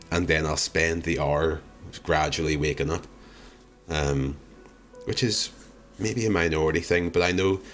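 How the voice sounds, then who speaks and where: A young man chatting casually on a live stream, answering viewer comments in a rambling, wry, self-deprecating way. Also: very deep voice. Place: home streaming room.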